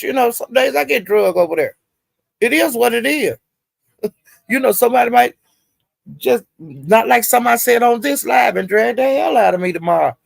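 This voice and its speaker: A woman's voice: medium pitch, creaky, no room sound. A woman vlogger casually recapping livestream drama, with a loose, rambling, slangy delivery. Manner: animated retelling that acts out each person's lines. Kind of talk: casual gossip storytelling.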